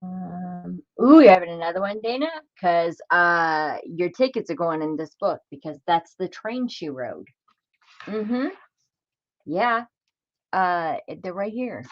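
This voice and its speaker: A woman's voice: lowish voice, expressive, slow, dull audio. A woman chatting casually on a crafting livestream, talking to herself as she works and greeting viewers by name.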